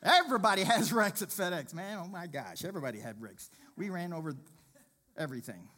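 A man telling a personal faith testimony in a sermon, shifting between quiet murmurs and loud, excited exclaiming. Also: fairly quick. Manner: animated storyteller, swings from low murmurs to loud exclaiming.

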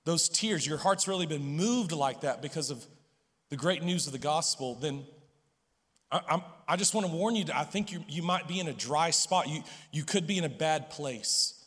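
High, bright-voiced pastor preaching earnestly. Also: male voice, expressive, husky, long reverb tail. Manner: earnest, halting with many repeated restarts. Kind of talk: sermon. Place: church sanctuary.

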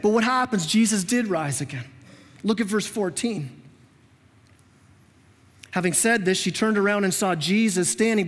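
Animated male preacher, high voice, long church reverb, chatty delivery. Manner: animated, conversational, repeats words as he restarts. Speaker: pastor. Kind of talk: sermon. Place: church sanctuary.

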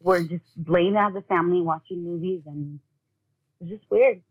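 A woman telling a personal story as an interview guest, in a halting way with many fillers, often acting out what family members said. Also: lowish voice. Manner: halting, full of "like", acts out quoted family talk. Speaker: guest, bereaved mother. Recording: tinny phone-like audio.

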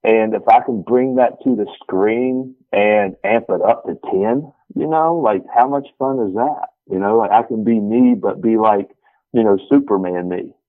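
A man's voice: lowish voice, unhurried, no echo. A man who wrestles, talking in a casual interview in a brash, folksy way and swearing freely. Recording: tinny phone line.

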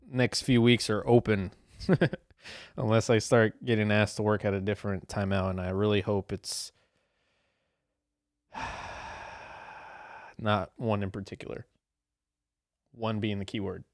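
A man's voice: lowish voice, steady tone, slow, pauses often, dry recording. Young male podcast host, profane rambling solo rant, dry close mic. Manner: profane, rambling, laughs at himself.

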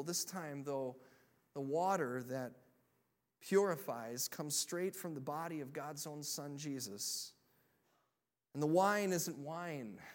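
A man preaching a sermon as pastor, energetic, rallying the congregation and building to loud proclamations. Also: on the high side.

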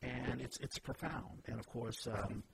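Earnest male host, mid pitch, personal and emphatic; steady background noise. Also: measured pace, vocal fry. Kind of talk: casual faith discussion. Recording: noisy background ambience.

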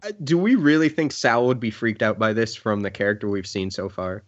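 A man's voice: lowish voice, brisk, no room sound, lo-fi sound. A man co-hosting a casual movie commentary podcast, blunt and sardonic. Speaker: podcast co-host.

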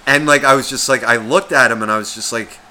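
This podcast co-host, a man in his thirties, has a mid-range voice and talks at a quick pace. Telling a story in casual chat, he is animated and swears often, acting out other people's lines in their voices.

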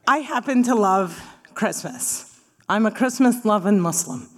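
A woman's voice: mid-range voice, lively intonation, a little slow. A woman from Palestine doing stand-up comedy, punchy and sarcastic, rising to emphatic bursts. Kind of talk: stand-up talk with audience.

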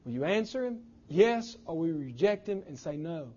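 A man preaching a sermon as pastor, impassioned, his voice swinging from loud declarations to hushed lines. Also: on the high side, big pitch swings, moderate pace, breathy edge, highs cut off.

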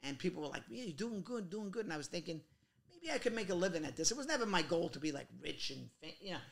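A man tells stories in a loose interview, fast and animated. His voice is gravelly and bright, a little high for a man, and he slips into other people's voices as he goes. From Queens, New York. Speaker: guest actor. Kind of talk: casual storytelling interview.

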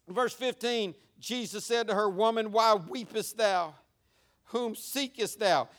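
A high-voiced man preaching. His sermon is folksy and plain-spoken, and it builds to fervent, urgent preaching. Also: a bit bright. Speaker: pastor.

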